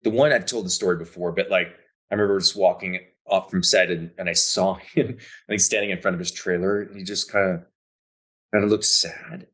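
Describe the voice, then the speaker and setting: A man's voice: deep voice, steady tone, brisk, fairly bright tone. A man who is an actor, a guest on a podcast, telling rambling, laid-back anecdotes in casual chat. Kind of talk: casual storytelling.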